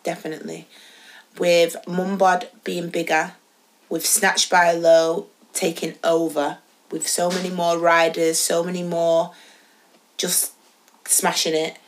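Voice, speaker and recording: A woman's voice: lowish voice, little pitch movement, takes it slowly. A woman co-hosting a podcast, talking bluntly and playfully with plenty of swearing. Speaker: podcast co-host. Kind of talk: casual chat.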